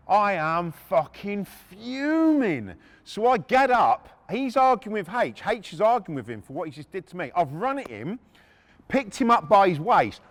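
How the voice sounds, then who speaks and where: A middle-aged man with a high-pitched voice hosts a podcast, his voice trailed by a long reverb tail. He tells a true story bluntly and casually, swearing freely and frequently restarting sentences.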